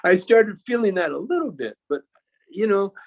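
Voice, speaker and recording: This high-pitched, animated male guest speaks at a moderate pace while casually recounting a long anecdote. He chuckles frequently and often stammers and restarts lines. The sound quality is dull and lo-fi.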